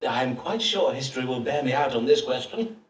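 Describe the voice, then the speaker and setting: A man's voice: medium pitch, expressive, a little fast, natural voice. A man playing a pompous Elizabethan astrologer. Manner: pompous, archaic formal speech. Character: Elizabethan astrologer-physician, pompous and self-assured. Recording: roomy distant game audio with faint ambience.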